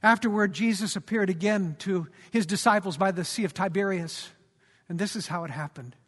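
A male pastor delivers a sermon as dramatic storytelling, pressing his listeners with rhetorical questions. His voice sits high for a man. Every phrase trails off into a long hall reverb. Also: moderate pace.

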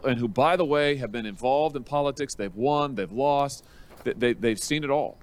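A man speaking at a hearing, making a forceful speech built on repeated phrases. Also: medium pitch, no room sound. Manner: forceful, repetitive rhetorical emphasis. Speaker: politician giving a speech.

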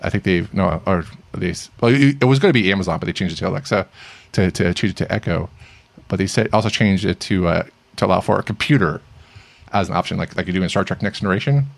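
A man's voice: deep voice, fast talker, creaky, no room sound. A middle-aged man co-hosting a casual tech news chat, rambling with many fillers and restarts. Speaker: podcast co-host.

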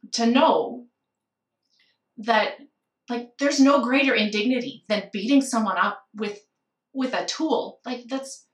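A woman's voice: on the high side, echoey room, far from the mic. A woman candidly telling a personal story of grief, reflective and at times tearful. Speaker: guest sharing a personal story.

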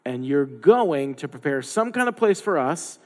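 A man's voice: a little high, sing-song, a little slow. A man giving a sermon in a conversational way, slipping into the voices of the people he quotes with playful asides. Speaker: pastor. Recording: long hall reverb.

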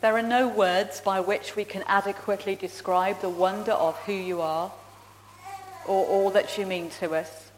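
A woman minister leading prayer and telling a Bible story with a measured, expressive delivery. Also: mid-range voice, slight background noise. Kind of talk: sermon with prayer and children's story. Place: church. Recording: long reverb in a large hall.

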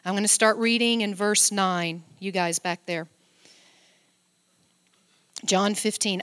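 A middle-aged woman preaching a sermon in a church and reading scripture. She speaks straight to her congregation with affection, and swings from loud exclamations down to soft near-whispers. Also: medium pitch, takes it slowly, pauses often, long reverb tail.

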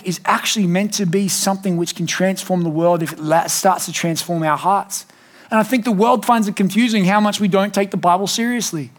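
A man preaching a sermon in a church, emphatic and animated, with jokey asides. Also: high-pitched. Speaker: pastor.

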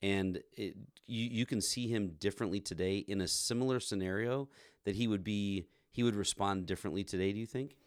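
A man's voice: fairly low pitch, a little fast, no room sound, clean studio sound. A man in his forties hosting a podcast, telling a candid story about his marriage in a self-deprecating way. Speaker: podcast host. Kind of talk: candid conversation.

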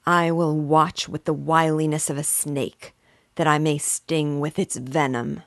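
A woman voicing a wretched, vengeful male creature, speaking slowly and with weighty menace. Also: low voice, steady tone, no echo, studio quality. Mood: menacing.

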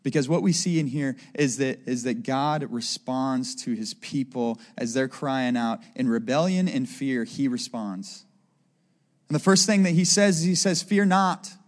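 A man's voice: medium pitch, normal speed, darkish tone. A man giving a conversational sermon, often asking his listeners "right?" as he teaches. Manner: conversational preaching, asks the crowd "right?" often. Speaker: preacher.

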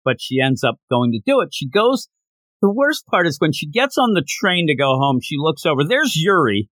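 Animated man recapping a manga. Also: a little high, moderate pace, no room sound. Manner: animated, acts out characters' lines mid-story. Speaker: podcast co-host. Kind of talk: casual chat recapping a manga chapter.

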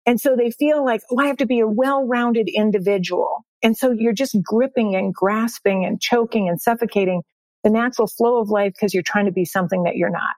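A woman's voice: medium pitch, a little mellow, no echo. A woman in her sixties, a success coach and podcast guest, talking upbeat and emphatic, often repeating her key phrases. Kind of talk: podcast interview.

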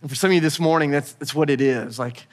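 Male pastor, 30s, slightly high voice; lively storyteller in the pulpit, earnest sermon delivery. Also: brisk. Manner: storytelling, lively and earnest, dropping soft for prayer.

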